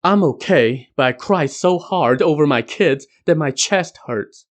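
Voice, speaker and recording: A man's voice: animated, a little slow. A man voicing a demon's weeping young wife who pleads in a raised, tearful voice. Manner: pleading, tearful, high-pitched.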